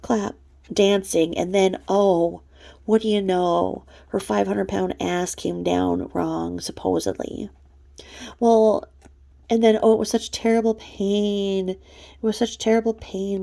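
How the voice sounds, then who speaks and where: A woman's voice: mid-range voice, steady tone, takes it slowly, vocal fry, dark tone. A woman hosting snarky gossip commentary, profane, mocking and blunt. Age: adult mother. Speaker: commentary channel host.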